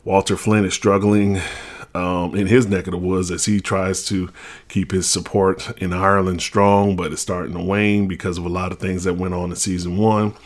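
A man's voice: low voice, flat delivery, moderate pace. A man hosting a podcast, giving a blunt, opinionated and chatty spoken review of a TV show. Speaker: podcast host reviewing TV shows.

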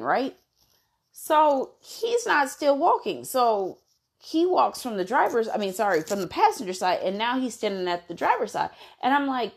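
Woman vlogging a storytime, animated and blunt, swears a lot, keeps saying you know. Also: on the high side, moderate pace. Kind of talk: casual storytime vlog.

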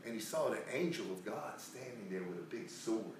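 This preacher's fairly low voice is animated and a little fast as he tells a Bible story in a rambling, casual way, full of restarts and acted-out lines. The room echoes, the mic is far away, and there's a little hiss or hum.

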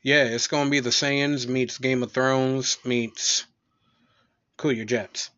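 A young man trades crude, dark jokes in loose podcast banter, swearing as he goes. His pitch sits right in the middle, and the recording sounds dull and lo-fi. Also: steady tone, slow pace. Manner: profane, joking storyteller with dark humor. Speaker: podcast co-host. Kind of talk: explicit casual chat.

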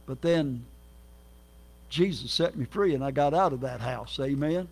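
A man preaching as a guest, telling his life story with lively acted quotes and sudden swings between loud and soft. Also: medium pitch, a little slow. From Minnesota, United States. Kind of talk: sermon.

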